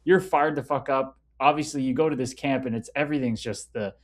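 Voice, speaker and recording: A man's voice: mid-range voice, fairly quick. A man hosting a podcast, a former hockey player who reacts with enthusiasm and swears freely. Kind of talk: casual podcast interview.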